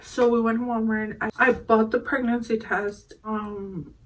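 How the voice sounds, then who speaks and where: Young woman, casual storytime vlog, chatty, higher voice, sounds a little distant from the mic. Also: steady tone, unhurried. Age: 20s. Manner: chatty, emotional, tearful at times. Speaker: vlogger.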